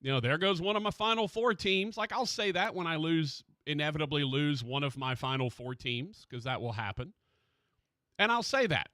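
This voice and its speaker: A man hosting a sports radio show in a studio, chatting casually and excitedly about college basketball. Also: on the high side, moderate pace, dry recording.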